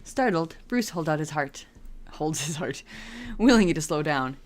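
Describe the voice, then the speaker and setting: Low-voiced woman co-hosting a fanfic reading. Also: lively intonation, moderate pace. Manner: playful, chimes in with corrections. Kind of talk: casual comedic reading.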